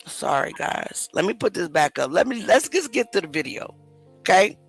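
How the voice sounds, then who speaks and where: Heated woman host, lively swooping voice. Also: fairly low pitch, moderate pace, gravelly, faint music behind. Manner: emotional, confrontational ranting. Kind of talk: heated livestream commentary.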